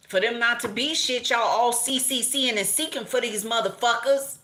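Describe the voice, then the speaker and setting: A middle-aged woman giving a casual tarot and astrology reading, blunt and profane, animated and laughing often. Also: a little high, normal speed, background noise. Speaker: tarot reader.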